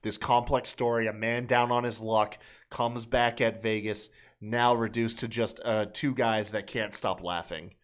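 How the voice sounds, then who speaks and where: A man's voice: on the low side, steady tone, unhurried, few pauses. A man co-hosting a wrestling podcast, talking casually with loose, profane, sarcastic remarks. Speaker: podcast co-host.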